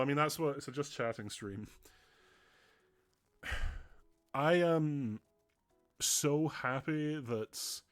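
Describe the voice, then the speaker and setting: A man chatting earnestly on a stream, rambling with frequent restarts. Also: medium pitch.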